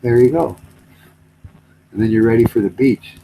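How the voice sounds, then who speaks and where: A man's voice: medium pitch, moderate pace, vocal fry, warm tone, a little hiss or hum, rough recording. A man on a casual comedy chat show who tells rambling stories and swears freely. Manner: rambling storyteller, swears and acts out quotes.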